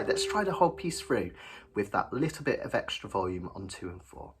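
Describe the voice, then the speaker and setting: A man's voice: mid-range voice, sing-song, normal speed, loud music behind the voice. A man teaching a ukulele lesson in a chatty, encouraging way, counting beats aloud as he strums. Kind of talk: friendly instructional lesson. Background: his own ukulele playing.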